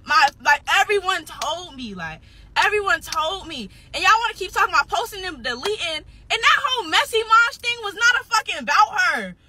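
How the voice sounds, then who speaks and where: A woman's voice: extremely high pitch, very animated, a little fast, noisy background. A nineteen-year-old woman venting on a livestream, upset and defensive, swearing heavily and repeating herself, close to tears at times. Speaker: social media personality.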